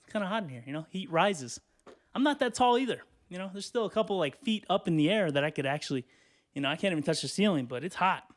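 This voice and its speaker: A man with a slightly high voice hosts a solo podcast while standing in a hot bedroom. He rambles loosely, swearing and filling gaps with "you know". He sounds a little out of breath and keeps clearing his throat. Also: animated, quick pace. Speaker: podcast host. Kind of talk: solo casual rant.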